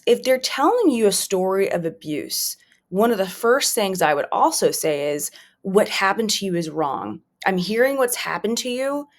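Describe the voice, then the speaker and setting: A woman talking earnestly and gently about supporting others, thinking aloud with restarts and acted-out example phrases. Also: fairly low pitch. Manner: reflective, gentle, with frequent restarts and quoted examples. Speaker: podcast host and survivor advocate. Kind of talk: earnest advice talk.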